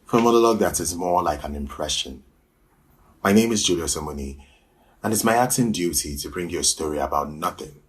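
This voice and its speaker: Man, low voice, monologue, deliberate storytelling, dramatic pauses. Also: expressive. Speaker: actor. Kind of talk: performed comic monologue.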